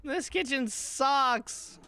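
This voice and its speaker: A man's voice: extremely high pitch, very slow, bright, forceful tone. A man streaming a horror game, jumpy and panicky, swearing often as he plays. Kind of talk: horror game livestream commentary.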